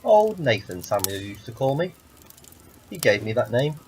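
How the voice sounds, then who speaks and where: A man's voice: mid-range voice, very animated, normal speed, darkish tone, slight background noise. A man voicing Nathan, a wry talking snake. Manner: patient, explaining and dryly joking. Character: calm, wry talking rattlesnake who grants wishes.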